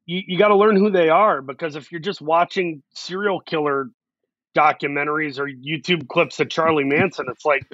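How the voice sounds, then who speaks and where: A man's voice: a little high, fairly even intonation, moderate pace, a bit bright, dry recording, dull audio. A man talking in a casual interview, earnest and reflective, working through his ideas in long, run-on thoughts. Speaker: actor, guest.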